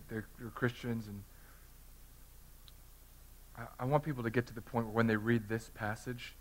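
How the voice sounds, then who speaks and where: Guy preaching a sermon, goes from quiet and close to loud and fired up, repeats himself a lot. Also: lowish voice. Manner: swings from hushed and intimate to loud and fervent, repeats words. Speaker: pastor.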